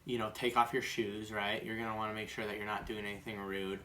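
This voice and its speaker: A man's voice: on the low side, level tone, quick pace, sharp tone, a little hiss or hum. A man giving a casual sales training talk who keeps checking in with "right?". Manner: conversational, tags sentences with "right?". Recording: roomy echo, distant mic, faint ambience.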